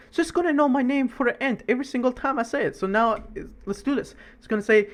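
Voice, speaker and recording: Fast, rambling young man teaching code. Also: extremely high pitch. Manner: fast, rambling, with many fillers and self-corrections. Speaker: coding teacher. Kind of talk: screen-recorded coding tutorial.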